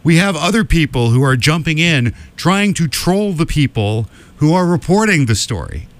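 A man co-hosts a casual podcast and delivers opinionated commentary. His voice is mid-pitched and very lively in its intonation, rising and falling as he builds his points. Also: normal speed. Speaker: podcast host.

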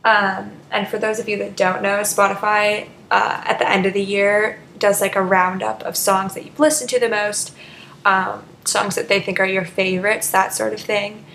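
A woman's voice: medium pitch, little pitch movement, normal speed, vocal fry, a bit bright, roomy sound, a little hiss or hum, rough recording. A young woman hosting a college radio show, chatting loosely with many ums and likes between songs. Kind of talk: casual radio chat. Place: radio studio.

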